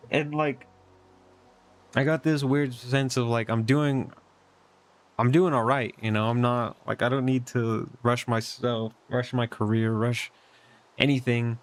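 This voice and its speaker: A man's voice: mid-range voice, fairly even intonation, slow pace, pauses often. A young man sharing a casual personal update from his bedroom at home, in an earnest, reflective way that rambles with many fillers. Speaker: vlogger.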